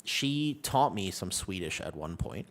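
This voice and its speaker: A man chatting casually with his viewers while streaming a game, telling stories in an animated way. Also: low voice, measured pace.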